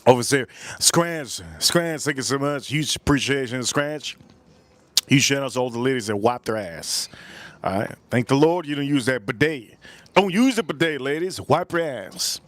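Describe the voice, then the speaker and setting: A man's voice: medium pitch, lively intonation, normal speed, fairly bright tone. A man hosting a casual food livestream outdoors in the cold, crude and rowdy, repeating himself and calling out to the chat. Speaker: livestream host.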